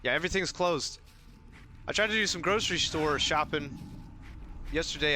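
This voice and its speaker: Against a noisy background, a man with a slightly high voice talks at normal speed, pausing often. During his casual game stream he spins rambling, joking stories between play, acting out his quips.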